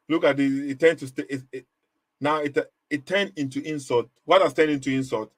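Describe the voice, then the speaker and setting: A man with a fairly high voice hosts a live commentary stream, hammering his point through emphatic, repetitive rhetorical questions. He breaks into short laughs between points. The sound is dry and close, with almost no room around it. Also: moderate pace, dry recording. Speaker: livestream host.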